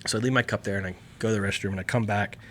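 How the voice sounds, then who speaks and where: A man in his thirties spins a story as a podcast guest, chatting easily into a studio mic. He keeps it loose and animated and slips into the voices of the people he quotes. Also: fairly low pitch, racing, a little hiss or hum. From Texas. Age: 30s. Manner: animated anecdote telling, acting out quoted people. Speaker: podcast guest, beef company founder. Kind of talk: casual storytelling conversation.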